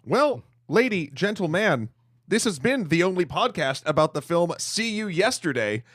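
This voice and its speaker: A male podcast host with a somewhat high voice who banters easily with his co-hosts and keeps the show moving. His talk is loose and jokey, with playful asides. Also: very animated, normal speed, a bit bright. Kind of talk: casual podcast chat.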